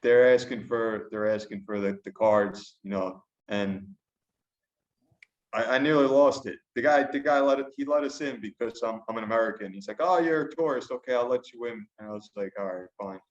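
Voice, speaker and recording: A man's voice: fairly low pitch, fairly even intonation, normal speed. A man co-hosting a podcast remotely, talking indignantly and often repeating himself. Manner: indignant, repetitive restarts. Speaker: podcast co-host. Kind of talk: casual chat. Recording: roomy, dull remote line.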